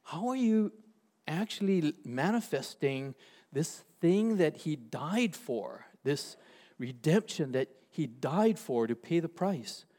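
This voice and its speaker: A male pastor delivers a sermon in a slightly higher voice. His pitch swings widely as he stresses each point. He reads scripture aloud and slows down hard on the words that matter. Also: expressive, dark tone.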